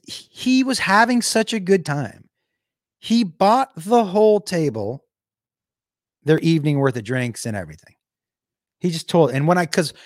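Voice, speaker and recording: A man's voice: fairly high pitch, dry recording, clean studio sound. A male comedian telling a profane, digressive story in a casual chat with viewers. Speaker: comedian and show host.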